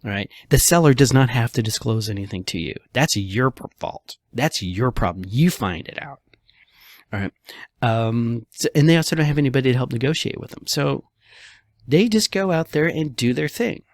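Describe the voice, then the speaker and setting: A man's voice: medium pitch, lively intonation, normal speed, no echo, clean studio sound. A man, a real estate broker, talking through the housing market in a casual, chatty way, full of rhetorical questions and frequent "all right"s.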